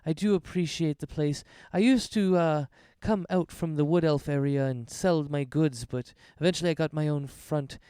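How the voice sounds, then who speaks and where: A man's voice: fairly high pitch, normal speed, few pauses, dark tone, clean tone, dry recording, studio quality, lightly acted. A man voicing a chatty, hospitable wood elf innkeeper woman in a tabletop game, talking in a fluttery, eager-to-please way.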